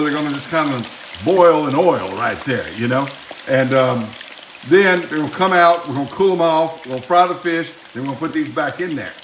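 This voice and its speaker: A man's voice: a little high, noisy background. Male home cook, easygoing rambling demo patter with dry jokes, echoey kitchen with faint clatter behind. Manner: rambling, folksy, joking asides. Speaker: home cook hosting a cooking channel. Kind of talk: casual cooking demonstration.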